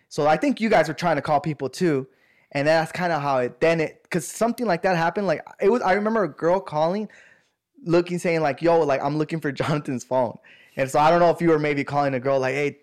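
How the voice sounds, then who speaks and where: A man casually telling friends a long story, rambling and slangy, acting out what others said. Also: fairly high pitch. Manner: rambling, slangy, acts out quoted voices. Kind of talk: casual chat.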